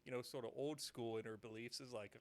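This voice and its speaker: A young man in casual podcast chat, excitable and exclaiming, often stammering as he starts a thought. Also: mid-range voice, quick pace. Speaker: podcast participant. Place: podcast studio.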